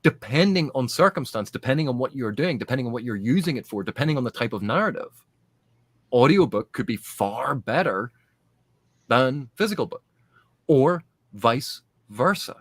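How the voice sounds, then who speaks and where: A man's voice: mid-range voice, expressive, normal speed, breathy edge, no room sound. A man in a casual podcast panel discussion, making his points earnestly and emphatically, often restarting mid-phrase. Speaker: podcast guest.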